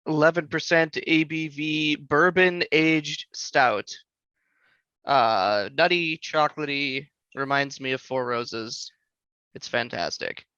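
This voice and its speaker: A man's voice: fairly high pitch, slow, pushed and bright, clear, resonant tone, dry recording, highs cut off. A man co-hosting a podcast in casual chat, joking and prone to ranting. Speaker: podcast co-host.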